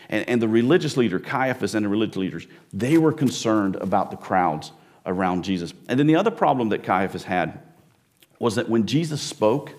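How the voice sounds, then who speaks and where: A man preaching a sermon, speaking in an animated way with frequent repeats and restarts. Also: mid-range voice. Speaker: pastor.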